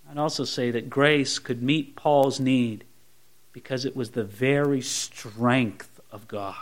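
A pastor delivers a sermon in a high, bright-sounding male voice. His pitch rises and falls a great deal. He moves between soft, low asides and raised, emphatic lines.

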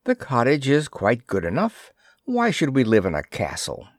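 A man's voice: medium pitch, huge pitch swings, moderate pace, no echo, studio quality. A man reading aloud, voicing a timid poor fisherman who pleads and hesitates. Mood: reluctant.

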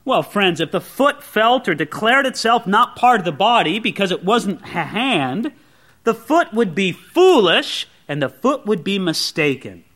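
A man preaching a sermon in a conversational, animated way, with joking asides. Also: high-pitched, moderate pace.

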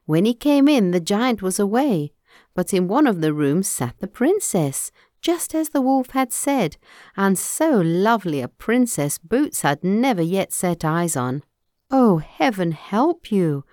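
A woman reading a folktale aloud in a measured, expressive manner. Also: medium pitch, no room sound, clean studio sound. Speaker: storyteller.

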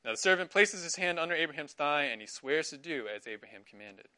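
A middle-aged Sunday school teacher leads a Bible class, quizzing the room and affirming each answer. His bright, fairly high voice swings widely up and down. His delivery is clear, lively and quick.

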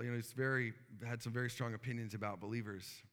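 A man's voice: medium pitch, steady tone, quick pace, a bit bright, big-room sound. A man, a pastor, preaching a sermon and telling a story earnestly, with many fillers.

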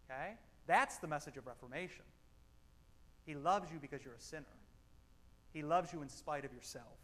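A man preaching a sermon and reading a passage aloud, with emphatic stresses that drop into quiet, blunt asides. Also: on the high side, in a large hall. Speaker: pastor.

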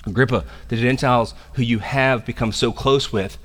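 A man preaching a sermon as pastor, animated and conversational, slipping into casual slang. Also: medium pitch, moderate pace. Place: church sanctuary. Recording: long reverb of a church hall.

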